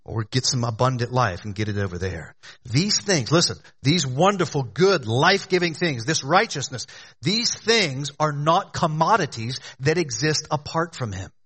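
A man preaching a sermon in a conversational way, talking to the congregation as "y'all", rising to loud emphatic lines and dropping to hushed ones. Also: slightly rough. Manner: swings between loud emphatic rises and hushed low drops. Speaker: pastor.

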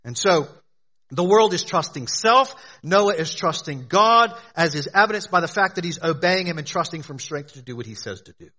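A man's voice: a little high, expressive, normal speed, sharp tone. A man preaching a sermon to a congregation, emphatic, often asking questions and answering them. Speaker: pastor.

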